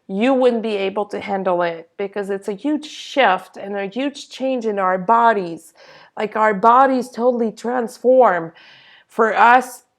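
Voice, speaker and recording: Slow-speaking woman giving a spiritual talk. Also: fairly high pitch, creaky. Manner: slow, reassuring, searching for words. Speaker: spiritual channeler. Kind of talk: spiritual energy update monologue.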